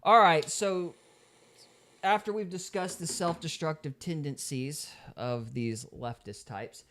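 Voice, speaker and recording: A man's voice: medium pitch, fairly bright tone. A man hosting a podcast in casual chat, opinionated and mocking others in quoted voices. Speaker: podcast host.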